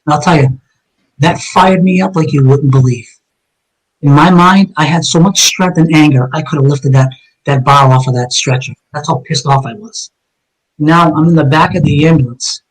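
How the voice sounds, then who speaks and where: Middle-aged ex-cop guest, blunt intense storyteller, slightly higher voice. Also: male voice, normal speed, rough recording. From Massachusetts, USA. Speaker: guest, retired police detective. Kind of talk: personal story told in an interview.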